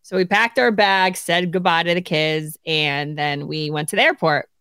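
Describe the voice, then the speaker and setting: A woman in her forties with a smooth, lowish voice co-hosts a podcast, telling a story at a normal pace in casual chat. She's animated, laughs often and acts out what others said, and the recording is dry.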